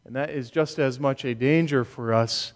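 A man preaching a sermon as pastor, measured and deliberate, slowing down to stress key words. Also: medium pitch, in a large hall. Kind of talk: expository sermon.

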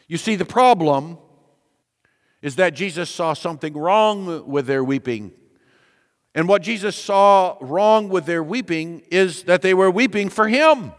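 A man preaches with measured, unhurried emphasis, building his points through repetition and questions to the congregation. His voice sits a little high for a man. The sound trails off in the long reverb of a large hall. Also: lively intonation. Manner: deliberate preaching with repeated phrases and rhetorical questions. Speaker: pastor. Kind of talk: sermon.

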